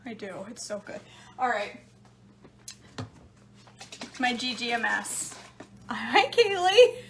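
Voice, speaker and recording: A woman's voice: a little high, fairly even intonation, slow pace, vocal fry, bright, forceful tone, a little hiss or hum. A middle-aged woman chatting casually in her home kitchen as she makes drinks, laughing often and talking to her live viewers. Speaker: home cooking vlogger. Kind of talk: casual chat while making drinks.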